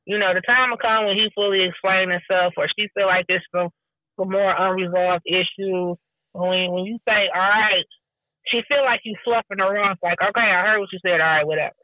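A woman in her forties talks plainly and bluntly on a podcast, full of slang and quick laughs. Her voice sounds dry and close, with no room around it. She speaks as a guest who runs her own show. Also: mid-range voice, fairly even intonation, no room sound, narrow, tinny audio. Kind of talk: casual podcast chat.

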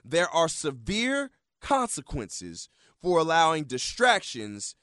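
A man in his thirties hosting a motivational radio talk show, telling stories in an animated, preachy way and calling his listeners y'all. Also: fairly high pitch, slow, no room sound, studio quality. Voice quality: animated storyteller, swings loud when excited.

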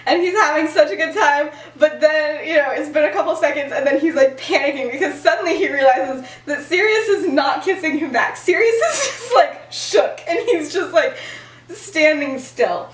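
A young woman with a fairly high voice retells a story with giggles and a steady stream of fillers. She sits a bit back from the mic, and the room around her is echoey. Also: normal speed, distant mic. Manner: giggly, animated, lots of fillers. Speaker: podcast host telling the story. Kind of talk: casual storytelling chat.

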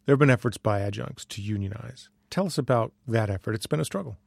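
A man hosting a radio interview in a studio, asking questions in a measured, conversational way. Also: lowish voice, vocal fry, breathy edge, no room sound. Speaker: radio show host.

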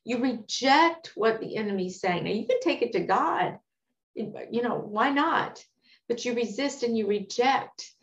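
A woman's voice: on the high side, lively intonation, a little slow. Earnest woman teaching scripture in an echoey room. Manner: earnest, candid and conversational, quoting scripture. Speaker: Bible teacher. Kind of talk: devotional teaching on a psalm. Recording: echoey room, dull lo-fi sound.

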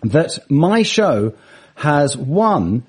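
A man with a husky voice, telling funny anecdotes in casual chat and laughing mid-sentence. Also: a little high, big pitch swings, extremely slow. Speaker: guest, comedian and musician.

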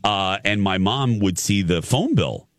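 A man's voice: fairly low pitch, lively intonation, unhurried, no echo, clean studio sound. A middle-aged man from Indiana hosting a radio show, telling a story in casual chat with stammered restarts and laughter at himself.

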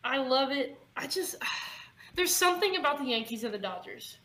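Woman podcast co-host, high-ish and bright, chatty, bubbly, casual. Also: lively intonation, moderate pace, poor audio. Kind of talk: casual chat.

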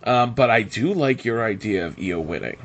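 Lively-voiced man chatting on a podcast. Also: on the low side, normal speed, highs cut off. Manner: animated, laughs often, trails off and restarts. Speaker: podcast co-host. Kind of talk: casual wrestling podcast chat.

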